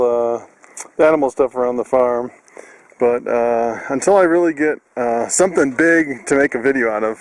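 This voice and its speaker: A man's voice: medium pitch, no room sound. A man talking casually to his camera on his farm, chatty, laughing often, with plenty of fillers and restarts. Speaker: farm vlogger. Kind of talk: casual vlog narration. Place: outdoors on a farm.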